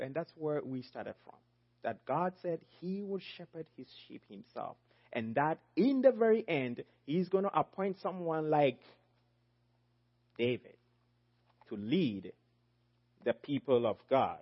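A man preaching a sermon, emphatic, swinging from loud high exclamations to low quiet phrases. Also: big pitch swings, measured pace, pauses often, slightly rough, muffled recording.

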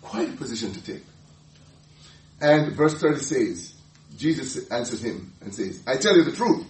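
A man preaching a sermon, emphatic and animated, often laughing and repeating words as he explains a passage. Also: mid-range voice, moderate pace, reverberant, distant mic, rough recording. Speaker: pastor.

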